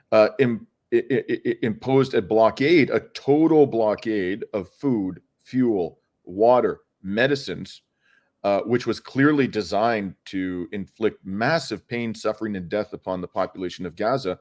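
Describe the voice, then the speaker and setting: A man's voice: on the low side, unhurried, a little mellow. A middle-aged man, a lawyer and activist, giving an earnest interview answer, arguing with frequent hesitations and restarts.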